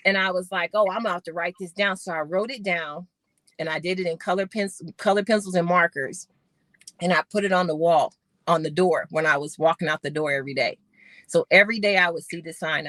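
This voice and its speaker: A middle-aged woman, a podcast guest and former Olympic sprinter, telling her story with animated retellings of conversations. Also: on the low side, fast talker, no room sound. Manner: animated storyteller acting out quoted voices.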